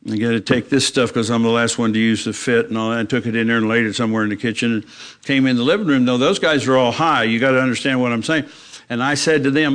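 A man's voice: quick pace, fairly bright tone. An older man giving a testimony from the pulpit in a plain, down-to-earth way. He tells his story with the back-and-forth talk in it, and his voice climbs when he gets worked up. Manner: plain-spoken storytelling, acting out his own dialogue with rising pitch when emotional. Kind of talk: personal testimony in a church talk.

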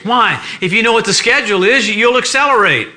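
A man preaching a sermon in a church, telling stories with animated, laughing energy. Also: high voice, a little fast, background noise.

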